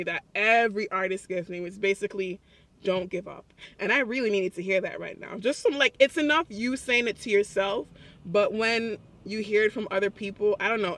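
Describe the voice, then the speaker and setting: A young man telling a story to his phone camera in a public place, excited and chatty, often breaking into laughs. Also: sits high. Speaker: vlogger. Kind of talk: casual vlog storytelling.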